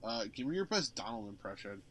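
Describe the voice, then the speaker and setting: A man's voice: mid-range voice, very animated, a little fast. A young man co-hosting a podcast in casual chat, joking and sarcastic, swearing freely. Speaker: podcast co-host.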